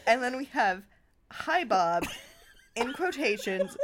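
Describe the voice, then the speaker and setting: A woman's voice: a little high, big pitch swings, fairly bright tone, a little hiss or hum. A woman reading a story aloud for laughs, stumbling over words and breaking into laughter. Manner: reads haltingly, breaking into laughter. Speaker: reader.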